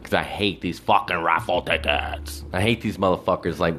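A man with a low voice rants casually about his job at a moderate pace, profane and exasperated, animatedly mimicking the people he quotes. There's a faint hiss or hum in the recording.

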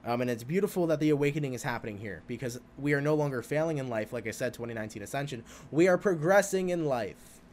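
Young male podcast host, rambling and profane solo monologue, mid-pitched, faint background hum. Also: fast talker, few pauses. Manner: rambling, profane, animated, laughs often. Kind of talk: casual spiritual podcast monologue.

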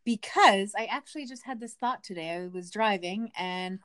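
A woman's voice: medium pitch, normal speed, fairly bright tone, no echo. A woman in her forties co-hosting a casual chat, dry and skeptical, musing aloud. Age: 40s.

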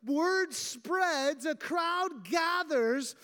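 A pastor preaching a sermon in a church sanctuary, retelling a story in an animated, emphatic way. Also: sits high, extremely slow. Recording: long hall reverb.

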